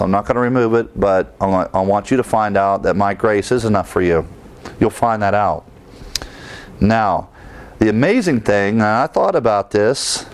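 A man's voice: fairly low pitch, clean tone. A male preacher teaching through Bible verses, explaining them and asking his listeners rhetorical questions. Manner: explains verse by verse, often pausing to restart.

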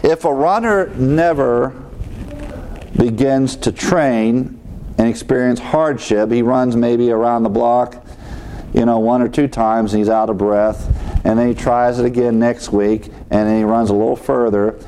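Male preacher, mid-range voice, animated sermon delivery, slips into short acted asides. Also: medium pitch, measured pace, slight background noise. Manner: animated preaching, acting out inner voices with sighs and exclamations. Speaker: pastor.

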